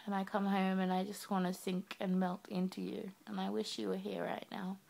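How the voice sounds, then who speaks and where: A young woman recording a sleepy video message to her partner in her bedroom at night, talking softly with her eyes closed. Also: mid-range voice, completely flat delivery, normal speed, vocal fry. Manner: soft, drowsy and affectionate, talking with eyes closed. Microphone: webcam.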